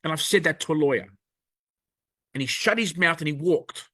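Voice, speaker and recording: Aussie guy ranting into the camera, fired up and all over the place, kinda higher voice. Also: moderate pace, pauses often, bright, forceful tone, no room sound. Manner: angry, rambling, emphatic. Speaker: video presenter.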